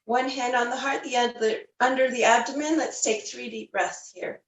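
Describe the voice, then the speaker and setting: A woman teaching a yoga class, giving gentle, unhurried cues with the odd filler. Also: a little high, fairly even intonation, distant mic, muffled recording. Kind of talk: guided yoga class instruction. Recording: roomy, voice a bit off the mic.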